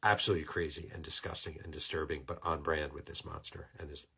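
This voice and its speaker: A man's voice: a bass voice, level tone, fast talker, creaky, very noisy. A man giving angry political commentary, indignant and swearing, hammering his points by repeating them.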